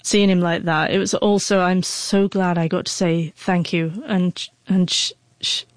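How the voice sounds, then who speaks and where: A woman's voice: fairly low pitch, flat delivery, measured pace, no echo. Woman who stutters, telling a heartfelt story. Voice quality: stutters, repeats sounds. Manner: emotional, heartfelt. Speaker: guest, author. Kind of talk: personal storytelling interview.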